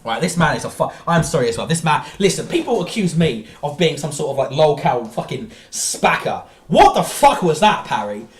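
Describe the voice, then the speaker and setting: A woman's voice: deep voice, big pitch swings, moderate pace, few pauses, echoey room, faint music behind. A woman streamer ranting profanely in exasperated reaction commentary.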